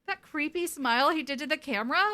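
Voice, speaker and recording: Bright-voiced, animated young woman podcaster. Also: high-pitched, quick pace. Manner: animated, laughing, profane. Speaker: podcast co-host. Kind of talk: casual recap chat.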